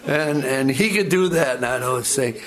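Older male preacher, folksy halting sermon delivery, steady mid voice. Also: medium pitch. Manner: halting, repeats words, conversational storytelling. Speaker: pastor.

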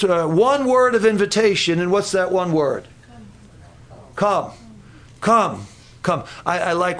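High-voiced man preaching a sermon. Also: fairly bright tone. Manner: storytelling preaching, repeats words, drops low for sung quotes.

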